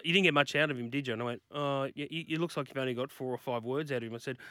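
A man's voice: medium pitch, racing, sharp tone, clear, resonant tone, dry recording. A man, a guest author on a radio show, chatting casually and laughing through his stories. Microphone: studio microphone.

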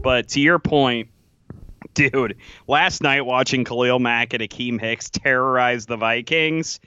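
A man co-hosting a casual sports podcast, laughing often and animated. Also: mid-range voice, a little slow, highs cut off, slight background noise. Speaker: podcast co-host.

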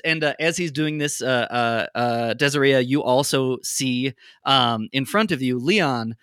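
A man's voice: mid-range voice, measured pace, few pauses, fairly bright tone, smooth, dry recording, clean studio sound. A man narrating as game master in a tabletop game, loose and playful. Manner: loose and playful, with many ums and laughs.

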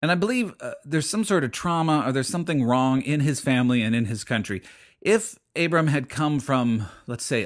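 A middle-aged man preaching a sermon in an earnest, explaining way, with frequent fillers and restarts. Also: mid-range voice. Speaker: pastor.

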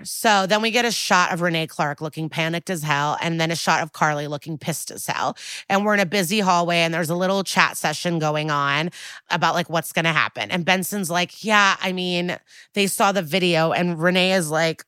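Woman podcast host ranting thru a tv recap, bright voice, kinda low, dry close mic. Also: moderate pace, clean tone, no echo. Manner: sarcastic, blunt storytelling with profanity. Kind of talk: casual recap chat.

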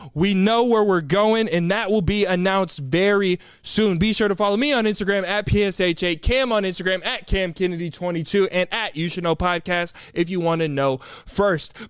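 A man's voice: sits high, clean tone, dry recording. A young man co-hosting a podcast, chatting casually and teasing his co-host in the studio. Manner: playful, teasing.

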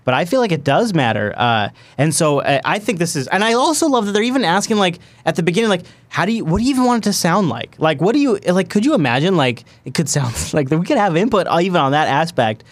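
A man hosting a tech podcast, talking with excited emphasis and quick asides. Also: sits high, no echo. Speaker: podcast host. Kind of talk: enthusiastic tech podcast chat.

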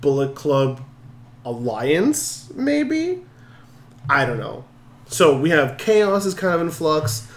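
Man, podcast co-host, casual chat, lively storyteller, a bit high-pitched, roomy echo. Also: takes it slowly. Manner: animated storyteller, acts out quotes.

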